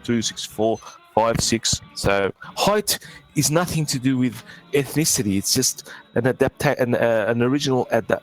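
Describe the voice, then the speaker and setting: A man's voice: lowish voice, low-quality recording. A man talking casually in a group discussion, rambling and stumbling over his words.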